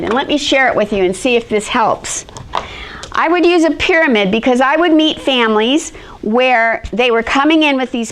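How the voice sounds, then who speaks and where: A middle-aged woman teaching a history lesson, telling personal stories in an animated way and acting out the quotes. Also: on the high side, clear, resonant tone. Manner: animated storyteller, acts out quotes in shifting voices.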